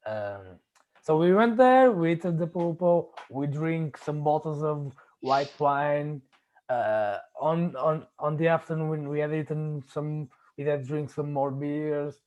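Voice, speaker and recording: Halting man searching for words. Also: a little high, lively intonation, a little mellow, rough recording. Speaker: podcast host. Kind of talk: casual chat, personal stories.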